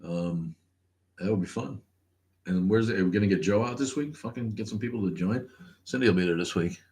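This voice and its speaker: A man with a fairly low voice hosts a casual chat show. His talk is sarcastic and full of swearing, and he laughs a lot. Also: brisk, a little mellow. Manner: profane, sarcastic, laughs often. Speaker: podcast host.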